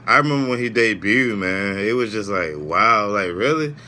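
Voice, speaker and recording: A man's voice: lowish voice, expressive, normal speed, sharp tone, slight background noise. A man giving a casual, heartfelt spoken review, rambling with many "you know"s and "man"s. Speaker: wrestling show reviewer.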